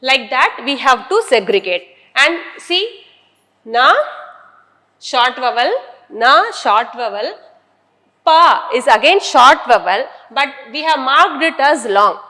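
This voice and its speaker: A woman's voice: high-pitched, expressive, takes it slowly, sharp tone, big-room sound. A woman teacher, lecturing a class and explaining step by step while she repeats key terms.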